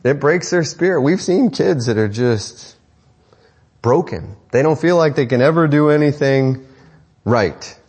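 A man's voice: on the high side, unhurried, darkish tone, slightly rough. A middle-aged man preaching a sermon to parents in a conversational, joking way, with self-deprecating asides. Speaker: pastor.

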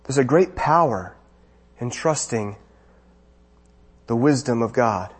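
Husky-voiced man preaching a sermon. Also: mid-range voice, lively intonation, takes it slowly. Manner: rhetorical questions, rising to emphatic bursts.

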